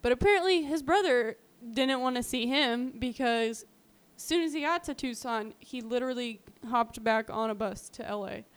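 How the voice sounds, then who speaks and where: A woman's voice: on the high side, animated, normal speed, few pauses, clean tone. A woman co-hosting a podcast, casually retelling a true-crime story with lots of fillers. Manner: chatty, lots of "um" and "like", acts out quotes. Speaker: podcast co-host.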